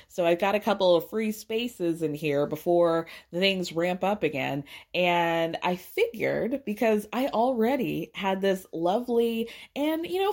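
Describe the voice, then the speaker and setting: A woman hosting a podcast, talking in a casual, chatty way with loose fillers. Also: medium pitch. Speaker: podcast host. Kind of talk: casual chat.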